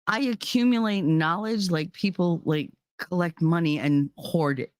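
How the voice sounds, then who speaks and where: A woman's voice: lowish voice, a little slow, a little mellow, no echo, studio quality. A woman with a New Jersey accent giving a blunt, profane, fiery rant to her viewers. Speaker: vlogger. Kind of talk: ranting monologue.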